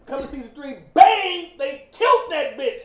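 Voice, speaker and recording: A man hosting a casual chat, animated and joking, often breaking into laughter. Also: extremely high pitch, brisk, crowd noise. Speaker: host. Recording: echoey room, faint background noise.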